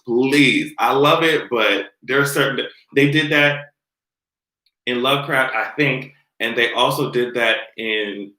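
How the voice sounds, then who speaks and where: A man hosting a casual livestream, ranting about pop culture in an animated, exasperated way and laughing often. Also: medium pitch, reverberant, rough recording. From Jamaican heritage. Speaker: livestream host. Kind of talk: casual commentary rant.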